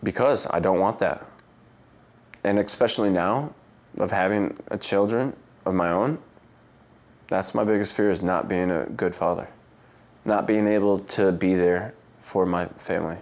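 An American man in his thirties, a guest in a casual interview, telling stories in a loose, chatty way and acting out other people's lines in a higher voice, with frequent laughs. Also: moderate pace. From United States. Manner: animated storyteller who acts out quotes with a jump in pitch.

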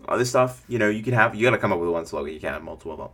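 Low-voiced man coaching in a rambling style. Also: rapid-fire. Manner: energetic and rambling, acts out customers' voices. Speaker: podcast host. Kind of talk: casual business coaching talk.

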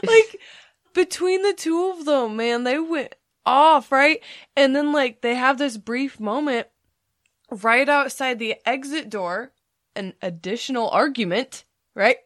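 Young woman podcast host, animated storyteller, kinda high voice, swears a lot, dry close mic. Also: takes it slowly, dry recording. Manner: animated, swears freely, acts out quotes with big pitch jumps. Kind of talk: casual chat, storytelling.

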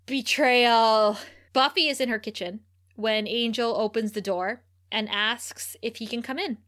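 A young woman co-hosts a casual recap podcast, speaking at a normal pace in a fairly bright tone. She laughs often and acts out quotes by raising her pitch.

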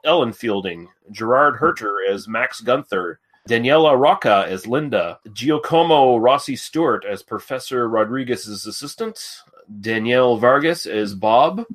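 Relaxed male podcast host. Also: medium pitch. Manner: relaxed, self-deprecating, laughs easily. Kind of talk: casual chat.

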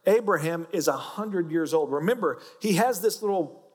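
Man, pastor, Oklahoma accent, sermon, folksy, joking, highish voice, long hall reverb. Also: normal speed. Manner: folksy, joking, animated preaching.

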